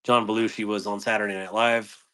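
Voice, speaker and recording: A man's voice: lowish voice, little pitch movement, brisk, a bit bright, smooth. A man hosting a live stream, reading and answering chat comments in a playful way, laughing often and tripping over tongue twisters.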